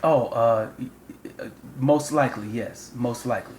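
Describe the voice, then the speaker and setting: A man's voice: mid-range voice, moderate pace, background noise. A man, a father and show host, rambling through a comic phone call and repeating himself as he lectures.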